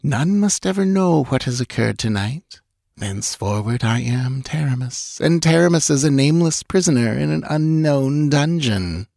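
A man's voice: mid-range voice, expressive, normal speed, vocal fry, a little mellow, no room sound, clean studio sound, voice pushed up. A man doing a gloating young witch woman. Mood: commanding. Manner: cold, mocking, commanding.

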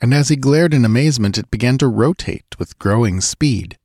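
A man narrating an adventure audiobook in a measured, dramatic storytelling manner. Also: medium pitch, lively intonation, a little mellow, breathy edge, dry recording, studio quality. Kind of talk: scripted narration.

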